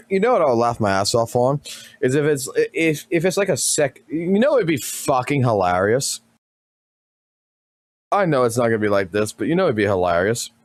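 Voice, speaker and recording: A man streaming, giving casual reaction commentary in a rambling, profane, excitable way. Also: medium pitch, normal speed.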